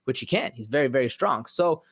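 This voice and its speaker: Man, mid pitch, laid-back slangy podcast talk, casual chat. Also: brisk. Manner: relaxed, slangy, many fillers. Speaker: podcast co-host.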